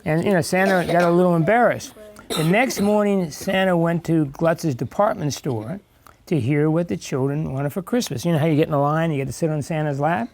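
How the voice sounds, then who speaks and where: His voice is fairly high, gravelly and a little mellow, moving a little fast. The older man is a guest reader sharing a picture book with young kids in an elementary classroom, chatting and pausing to ask questions and explain.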